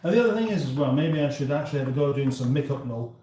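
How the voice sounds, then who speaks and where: A northern-accented man from England races through a live cooking stream in his home kitchen, his medium-pitched, dark voice full of lively intonation. He rambles casually, reads viewers' comments aloud as he cooks, and the echoey room carries faint background noise.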